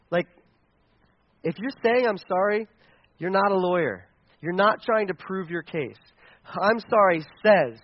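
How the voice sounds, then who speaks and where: A man preaching a sermon, animated and asking the audience questions. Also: high voice, moderate pace, long pauses, no echo, dull audio. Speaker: pastor.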